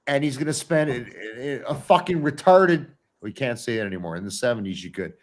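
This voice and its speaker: Man, mid-pitched voice, blunt, swearing, talks straight to viewers. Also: lively intonation, a little fast. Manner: blunt, profane, addresses viewers directly. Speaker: podcast host. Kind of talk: heated casual chat.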